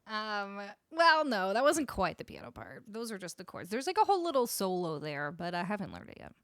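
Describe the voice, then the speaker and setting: A Canadian woman musician chats casually with viewers between songs on her home livestream, cooing at her dog, close to a studio vocal mic. Her medium-pitched voice swings widely in pitch, moves a little fast, and sounds fairly bright, with no room sound.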